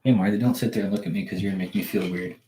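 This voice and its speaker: A man's voice: low-pitched, steady tone, racing, mellow, a little hiss or hum. A man hosting a livestream, chatting loosely and swearing, often laughing to himself. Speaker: livestream host. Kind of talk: casual livestream chat.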